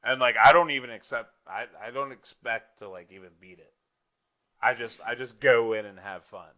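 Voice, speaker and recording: A man's voice: mid-range voice, moderate pace, sharp tone, highs cut off. A young man hosting a podcast, chatting casually and profanely about a video game with lots of filler words. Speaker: podcast host.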